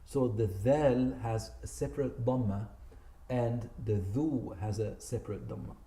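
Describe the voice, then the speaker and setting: Warm and medium-pitched, his voice moves a little slowly as he teaches a spoken Quran recitation lesson. The echoey community centre room carries his patient corrections of common mistakes and the words he draws out in demonstration.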